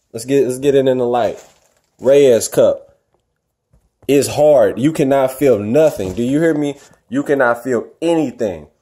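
A hoarse man vlogging a boxing match, talking bluntly and emphatically and repeating his points. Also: mid-range voice, darkish tone. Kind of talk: casual profane fight commentary.

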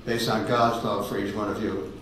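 Man in his 80s, testimony sermon, halting folksy storytelling, very echoey hall, distant mic. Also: fairly low pitch, level tone, fairly bright tone, a little hiss or hum. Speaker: guest speaker giving testimony. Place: ministry meeting room with audience.

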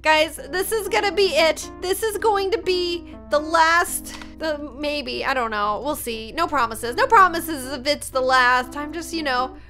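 A woman giving excited, dramatic gameplay commentary as a YouTuber, often mocking herself. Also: high-pitched, unhurried, few pauses, faint music behind. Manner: animated, dramatic, self-mocking. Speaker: gaming YouTuber.

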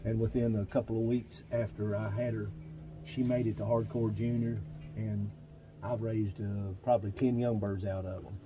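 A man's voice: lowish voice, little pitch movement, moderate pace, music in the background, low-quality recording. A man in his seventies with a Kentucky accent, a pigeon breeder rambling through a casual walkthrough of his loft, full of fillers and repeats. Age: 70s. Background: pigeons cooing.

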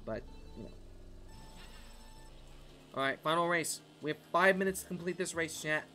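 Excitable chatty male game streamer. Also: fairly high pitch, normal speed. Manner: excitable, chatty, laughs often. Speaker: gaming streamer. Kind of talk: live gameplay commentary chatting with viewers. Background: faint background music.

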